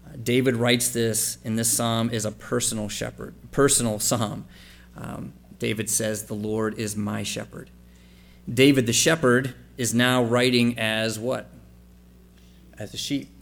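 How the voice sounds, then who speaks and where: Speaking in a flat, measured, mid-range voice with some gravel, a pastor reads scripture and talks through its meaning, asking his congregation questions and spelling out letters for emphasis. A faint hiss or hum runs underneath.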